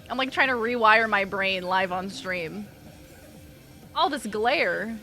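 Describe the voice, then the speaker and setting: A woman's voice: medium pitch, slow, sharp tone, faint music behind. A woman game streamer chatting playfully with her chat as she plays, giggling often. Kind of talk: casual live-stream chat while playing.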